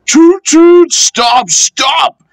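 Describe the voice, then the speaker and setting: A man voicing an excitable, eager male road bus in a children's storybook. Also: a little high, unhurried, husky, dry recording, voice pushed up, exaggerated voice, rough recording. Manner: excitable, cheering.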